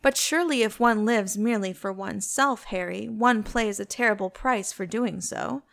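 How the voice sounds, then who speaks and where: A woman's voice: mid-range voice, normal speed, creaky, a bit bright. A woman voicing an earnest, serious male painter with a grave manner in an audiobook.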